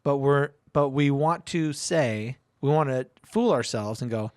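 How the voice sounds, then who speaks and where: A man's voice: mid-range voice, measured pace, a little mellow, dry recording. A man co-hosting a talk show, arguing bluntly and provocatively, with frequent swearing. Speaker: podcast co-host. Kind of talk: opinionated casual talk.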